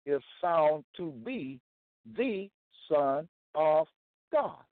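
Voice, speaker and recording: A man teaching from scripture in a slow, deliberate way, repeating phrases and checking in with "okay?" and "all right?". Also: a little high, no echo. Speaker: self-styled Bible teacher. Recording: tinny phone-like dry sound.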